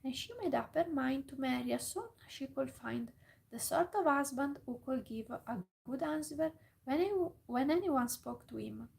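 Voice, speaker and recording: A woman reading a fairytale aloud in a whispered role-play, soft and slow with small slips. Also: high voice, vocal fry, rough recording. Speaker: storyteller.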